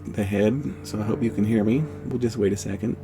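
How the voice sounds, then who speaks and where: A man teaching a spiritual course outdoors in a gentle, conversational way. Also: on the low side, fairly even intonation, fairly quick, gravelly, noisy background. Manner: gentle, conversational, many "you know"s.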